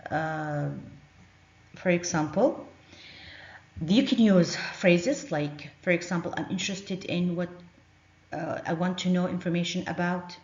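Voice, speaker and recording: A woman teaching an English grammar lesson, explaining in a halting way with many fillers and restarts. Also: fairly low pitch, darkish tone. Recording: roomy, dull lo-fi recording.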